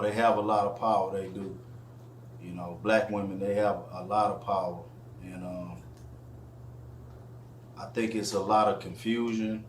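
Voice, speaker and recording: A man's voice: on the low side, slight background noise. Rambling man in an echoey room. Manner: rambling, many fillers. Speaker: interview guest. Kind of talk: casual interview talk. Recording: echoey room with faint ambience.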